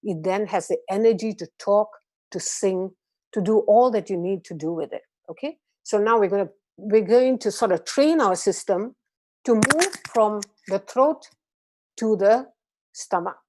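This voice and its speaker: A woman from Malaysia guiding a group through a gentle voice and breathing exercise, patient and encouraging. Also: mid-range voice, unhurried. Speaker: voice and meditation instructor. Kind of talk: guided voice exercise class.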